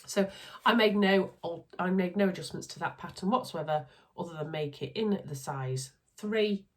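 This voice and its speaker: Low-pitched Yorkshire woman, chatty and upbeat, casual vlog host. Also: moderate pace. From Yorkshire, England. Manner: chatty, upbeat, talks through sewing makes with asides. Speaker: sewing vlogger. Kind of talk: casual chat.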